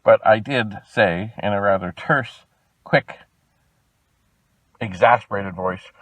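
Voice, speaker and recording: A man from Canada telling a long customer-service story, animated and exasperated in tone. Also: on the low side, normal speed, dry recording, poor audio. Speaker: video host. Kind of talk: storytelling vlog.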